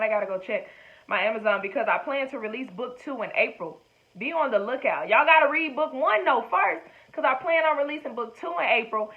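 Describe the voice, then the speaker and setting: High-voiced woman on thin, phone-like audio. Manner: chatty and encouraging, slangy asides. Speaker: vlogger giving dating advice. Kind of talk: casual direct-to-camera talk.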